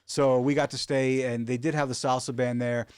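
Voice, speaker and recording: A man telling stories in a casual, animated way, with many fillers and restarts, recorded in a studio. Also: mid-range voice, moderate pace, clean tone, no echo. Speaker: rug artist guest. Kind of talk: casual storytelling.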